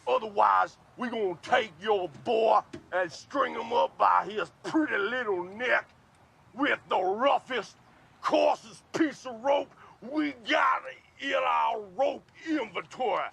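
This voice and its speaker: An actor playing a bumbling man who fakes a tough Southern kidnapper, with a gravelly, nasal put-on twang. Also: very high-pitched, slow pace, a bit bright, full character voice. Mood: blustering. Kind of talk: comedy film dialogue.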